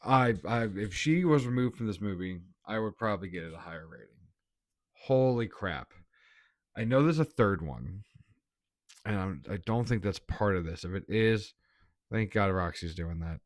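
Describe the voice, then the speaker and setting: A man's voice: fairly low pitch, expressive, normal speed, no echo, studio quality. A man giving a casual, blunt movie review, laughing often and swearing.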